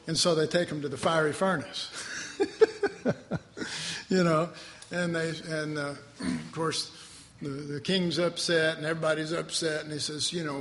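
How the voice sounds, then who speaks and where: A man giving a relaxed, conversational sermon, folksy and warm with chuckles, acting out the voices of the story's figures. His voice sits a little high for a man, and a long reverb trails his words through a large hall. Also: unhurried, a little hiss or hum. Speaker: pastor.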